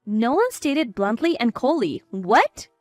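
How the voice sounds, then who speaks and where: A woman's voice: high voice, lively intonation, a little fast, dry recording. A woman narrating a first-person story in a cool, firm manner.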